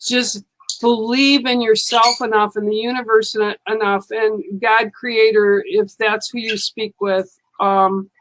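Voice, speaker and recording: A woman's voice: fairly high pitch, flat delivery, a little slow, fairly bright tone, low-quality recording. A woman giving a psychic card reading on a live stream, speaking in a soothing, reassuring way and often checking in with "okay".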